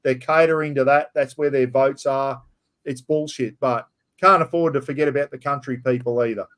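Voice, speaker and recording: A man's voice: medium pitch, fairly even intonation, normal speed, a bit bright. A middle-aged man with an Australian accent hosts a casual live-stream chat, talking bluntly and chattily, swearing freely and calling people mate. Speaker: livestream host.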